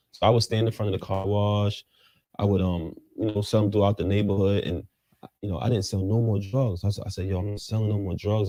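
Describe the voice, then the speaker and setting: A man's voice: dark tone, no echo. A man telling his story as an interview guest, full of street slang and acting out the lines of the people in it. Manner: street slang, acts out quotes with jumps in pitch. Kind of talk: animated storytelling.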